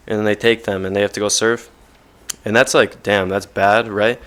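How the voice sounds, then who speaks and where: Low-voiced man rambling slangy commentary. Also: little pitch movement, brisk, a bit bright, clean tone. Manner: slangy, rambling, heavy use of fillers like and bro. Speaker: vlogger. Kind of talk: casual commentary.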